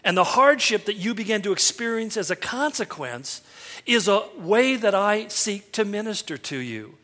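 High-voiced man preaching in a reverberant hall. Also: lively intonation, normal speed, bright, forceful tone. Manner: earnest preaching with quoted lines and rhetorical questions. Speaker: pastor. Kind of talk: sermon.

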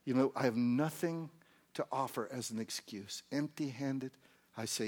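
A man preaching a sermon, moving between soft intimate lines and loud exclaimed outbursts, acting out the voices in his own inner dialogue. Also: medium pitch, moderate pace.

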